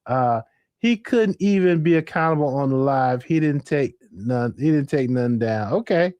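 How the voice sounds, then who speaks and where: A man hosting a late-night live stream, rambling, laughing and thinking out loud. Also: medium pitch, lively intonation, normal speed, dry recording.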